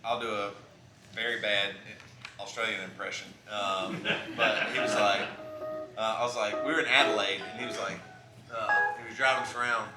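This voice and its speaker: Between songs at a live music venue, a baritone-voiced man tells rambling, self-mocking stories at normal speed with fairly even intonation. He uses a stage vocal mic, and the recording is roomy with loud music.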